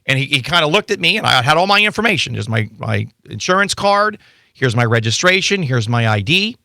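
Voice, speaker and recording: A man appearing as an attorney guest, chatting casually in a radio studio and telling animated stories with lots of restarts. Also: fairly high pitch, a little fast, gravelly, dry recording. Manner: animated storytelling with frequent restarts. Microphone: studio microphone.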